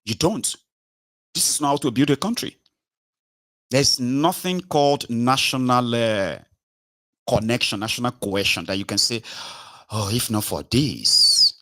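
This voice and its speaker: A man's voice: medium pitch, normal speed, pauses often, a bit bright, dry recording. A Nigerian man with a Nigerian accent, hosting a political commentary monologue, arguing emphatically and repeatedly putting rhetorical questions to his listener. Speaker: host.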